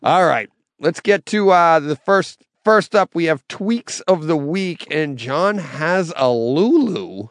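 A man hosting a casual podcast, upbeat and animated and quick to laugh. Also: on the high side, no echo. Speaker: podcast host.

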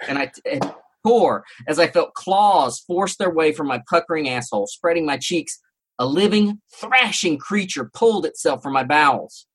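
A man's voice: a little high, a bit bright, breathy edge. A man hosting a podcast, giving a theatrical first-person story reading with mock-serious relish. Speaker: podcast host.

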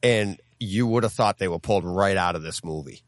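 A man's voice: low-pitched, fairly quick, no echo, studio quality. A man with a Boston accent, hosting a podcast and telling stories in casual chat, with lots of "like". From Boston area. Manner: animated storyteller, lots of "like". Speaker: podcast host.

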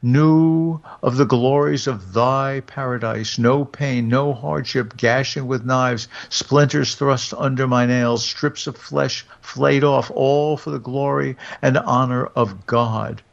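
Casting: a man voicing a boastful ragged prophet, declaiming, gravelly tone, lo-fi. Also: medium pitch, fairly even intonation, takes it slowly, hardly any pauses. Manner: declaiming, self-righteous. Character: saintly prophet in rags, boastful of his suffering. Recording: dull lo-fi recording.

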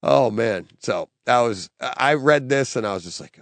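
A man's voice: mid-range voice, expressive, a little slow, no room sound. A man hosting a podcast in casual chat, rambling and laughing, with frequent restarts. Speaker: podcast host.

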